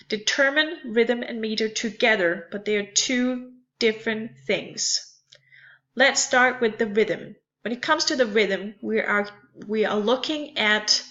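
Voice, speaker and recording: A woman's voice: on the high side, a bit bright, dull audio. A woman teaching a lesson in a careful, explanatory way, repeating and spelling out terms. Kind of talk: slow explanatory lecture.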